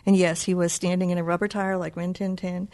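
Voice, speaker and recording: A middle-aged woman with a Boston accent chats in an interview as a children's book author. She talks in a playful, self-mocking way and tells stories with animation. Her voice sits a little on the low side. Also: little pitch movement, fairly quick, darkish tone. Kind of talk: casual interview.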